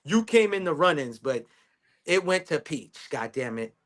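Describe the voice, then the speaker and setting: A man ribs his co-host in a loose, casual conversation, laughing as he goes. His voice runs high for a man and jumps up and down constantly, full of animated, teasing energy. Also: normal speed. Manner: teasing, animated, laughs often, acts out quotes. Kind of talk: casual banter.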